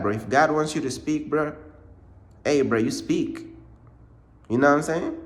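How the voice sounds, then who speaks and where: A man giving a casual, informal faith pep talk in slangy speech, repeating his points and often calling the listener "bruh". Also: medium pitch. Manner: repetitive, informal slang, says "bruh" a lot; emphatic, circles back to points. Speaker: ministry channel host.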